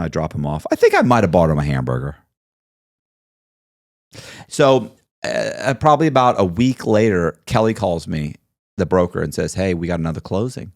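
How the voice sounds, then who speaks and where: Lively low-voiced man telling a story. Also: gravelly, no echo, clean studio sound. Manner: animated storyteller acting out both sides of conversations. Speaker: podcast guest telling his story. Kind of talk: casual storytelling interview.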